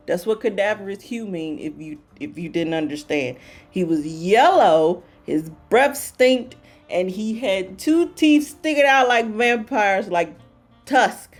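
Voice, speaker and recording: Animated woman retelling a story, lively pitch. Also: slow pace, soft background music. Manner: animated, playful, repeats phrases for emphasis. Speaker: book-talk host. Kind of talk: casual storytelling recap.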